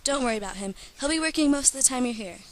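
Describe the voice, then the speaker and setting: Girl reading kind teen cousin, soft near-whisper, higher voice. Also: lively intonation, racing. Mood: soothing.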